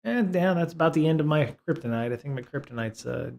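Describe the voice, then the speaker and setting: A man's voice: lively intonation, fast, creaky, a little mellow. A man hosting a live stream, chatting casually and rambling, with many fillers and restarts. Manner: high-pitched baby talk to his cat. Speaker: streamer and host.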